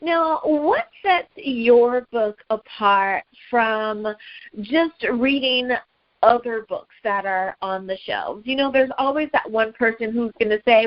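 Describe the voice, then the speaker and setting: A woman host with a slightly higher voice gushes affirmations and winds her way through long questions. Her audio is dry and dull, like a lo-fi home recording. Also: no echo. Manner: warmly enthusiastic, repeats affirmations, rambling questions. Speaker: podcast host. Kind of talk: interview hosting.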